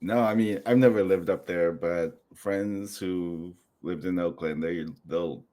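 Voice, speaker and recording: A man born in Korea hosting a podcast in casual conversation, soft-spoken and self-deprecating, laughing often. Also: low-pitched, steady tone, measured pace. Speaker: podcast host.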